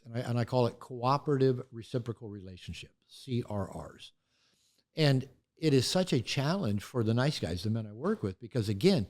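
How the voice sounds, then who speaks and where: Older man, animated candid storyteller. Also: mid-range voice. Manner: animated storytelling, acts out quoted voices. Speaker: author and therapist guest. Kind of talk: candid interview talk.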